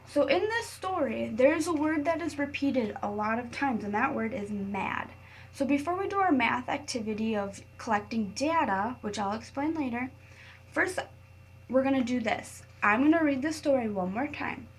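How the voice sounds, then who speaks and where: A woman teacher reading a picture book aloud to her class, patient and clear, pausing to guide students. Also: high voice, animated, a little hiss or hum.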